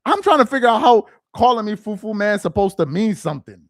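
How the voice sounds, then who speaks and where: A man's voice: high voice, sing-song, fast talker, no room sound, studio quality. A young man hosting a casual livestream, reading chat aloud with slangy, incredulous banter and frequent laughter.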